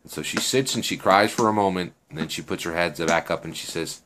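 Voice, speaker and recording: A man's voice: sits low, fairly quick, hardly any pauses, fairly bright tone, a little hiss or hum. A man telling a story casually, chatty and full of fillers and tag questions.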